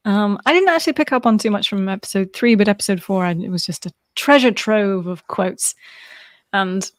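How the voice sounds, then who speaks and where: A woman's voice: medium pitch, no echo. Chatty woman in a dry, close recording. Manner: chatty, quick asides, casual swearing. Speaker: podcast co-host. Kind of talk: casual chat.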